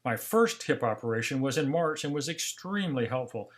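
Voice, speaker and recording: An older man delivers a seminar lecture in a calm, storytelling manner. His voice sits at an ordinary middle pitch, and he acts out remembered conversations along the way. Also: fairly quick. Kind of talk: scripted seminar narration.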